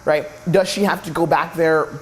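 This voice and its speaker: A man's voice: fairly high pitch, steady tone, moderate pace, slight background noise. A young man teaching as a dating coach, brash and profane, hammering his points with repetition. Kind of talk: instructional monologue.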